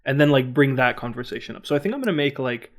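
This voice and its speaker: A man's voice: medium pitch, animated, quick pace. A man playing a tabletop role-playing game, describing his moves in a rambling way. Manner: rambling, filler-heavy. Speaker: player.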